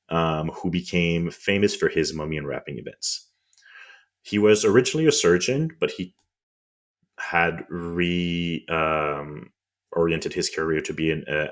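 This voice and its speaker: A man with a French accent and an extremely low, rumbling voice talks through history on a podcast. He explains in a loose, casual way, pausing on ums and restarting hard words. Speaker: podcast co-host.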